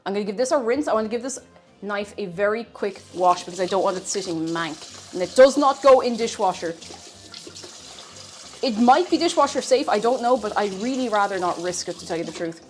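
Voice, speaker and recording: A woman's voice: mid-range voice, lively intonation, a little fast, a little hiss or hum. A woman chatting casually and playfully with her viewers while cooking in her home kitchen on a livestream. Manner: playful rambling banter with chat. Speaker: streamer. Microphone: streaming mic.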